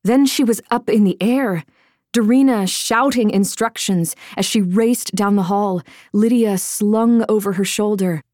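A woman reading a fantasy novel aloud in a measured, dramatic narration style. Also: mid-range voice, mellow, dry recording, studio quality. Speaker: audiobook narrator.

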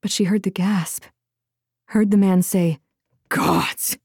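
Slow dramatic woman narrator. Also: mid-range voice, steady tone, dark tone, slightly rough, no echo, clean studio sound. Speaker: audiobook narrator. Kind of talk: scripted narration.

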